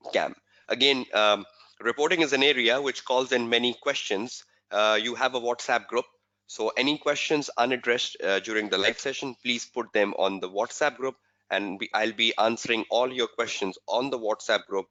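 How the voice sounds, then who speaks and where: A man's voice: mid-range voice, bright, forceful tone. A male exam tutor giving a webinar lecture, repeating key points and quizzing students with rhetorical questions. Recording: dull lo-fi webinar audio.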